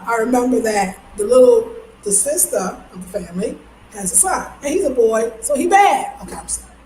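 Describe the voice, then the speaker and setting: A middle-aged woman from Brooklyn, telling stories in a chatty, animated vlog and acting out the people she quotes. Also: fairly high pitch. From Brooklyn, New York. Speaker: travel vlogger. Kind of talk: casual vlog monologue. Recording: roomy echo with faint background noise.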